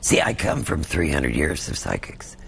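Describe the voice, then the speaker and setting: A blunt, dry older woman psychic with a New York accent and a heavy smoker's rasp, put on by a man. The voice sits extremely low and crackles with gravel. She swings her pitch widely and sounds slightly annoyed. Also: wildly swooping pitch, normal speed, a bit bright, heavily acted. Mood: matter-of-fact. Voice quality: husky, raspy smoker's voice. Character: older woman psychic, brusque, chain-smoking.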